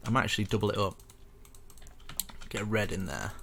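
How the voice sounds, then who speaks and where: A young man with a low, gravelly voice talks viewers through a building tutorial in a loose, chatty way. He rambles between steps and pokes fun at himself as he goes. Soft keyboard clicks tick away behind him. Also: animated, fairly quick, slight background noise. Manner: chatty and rambling, self-mocking asides. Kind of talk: casual step-by-step game tutorial.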